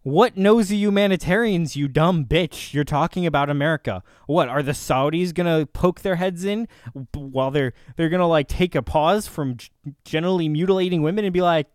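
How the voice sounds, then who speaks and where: A man's voice: on the high side, brisk, clear, resonant tone, dry recording. Sarcastic ranting man, dry close sound. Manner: sarcastic, combative, swings from loud to muttered. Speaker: reaction video host. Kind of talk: ranting reaction commentary.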